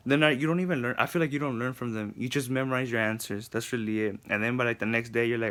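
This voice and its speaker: A man's voice: medium pitch, fast, hardly any pauses. A young man, a psychology student, giving a casual video response, ranting with frustration and filling his talk with "like". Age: young adult. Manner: animated, frustrated ranting with lots of "like".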